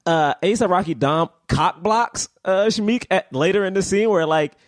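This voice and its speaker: A man co-hosting a podcast, excitedly quoting film lines in casual chat. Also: high-pitched, normal speed, dry recording, clean studio sound. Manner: excited, quotes lines, laughs. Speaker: podcast co-host.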